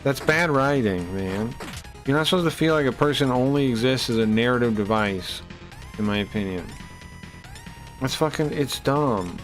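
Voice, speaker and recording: A man's voice: medium pitch, animated, moderate pace, faint music behind. A man streaming a game, chatting casually in a loose, rambling, profane way. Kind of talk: casual live-stream chat while playing.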